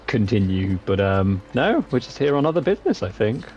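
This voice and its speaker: A man's voice: lowish voice, big pitch swings, fairly quick, a little mellow, dull audio, faint music behind. A man, chatting as a player in a tabletop game, meandering and hesitant. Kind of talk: casual chat playing a tabletop game.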